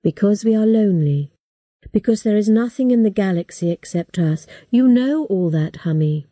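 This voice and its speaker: A woman voicing a sad, gentle father who resignedly tells his daughter she must marry. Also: mid-range voice, expressive, moderate pace, no echo, natural voice.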